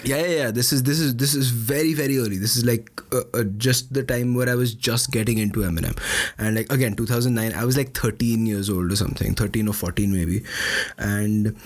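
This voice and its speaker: A man's voice: mid-range voice, brisk. A man in his twenties co-hosting a podcast, telling a long, meandering story in casual chat with frequent hedges along the way. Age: 20s. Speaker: podcast co-host.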